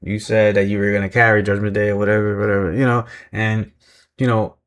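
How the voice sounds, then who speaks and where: An irritated young woman nags a teammate about his slacking, as a man voices her in a recap. The delivery stays close to his own slightly low, casual voice. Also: flat delivery, brisk, close to an everyday voice. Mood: nagging.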